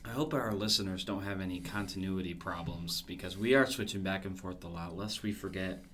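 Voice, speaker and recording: A man's voice: sits low, fairly quick, fairly bright tone, slight background noise. A young man hosting a casual podcast, making dry, wry asides. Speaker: podcast host.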